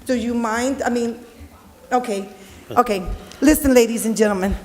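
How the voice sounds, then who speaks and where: A woman's voice: a little high, moderate pace, darkish tone, a little hiss or hum. A woman speaking during public comment at a city council meeting, blunt, emotional and profane. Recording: long reverb of a council hall.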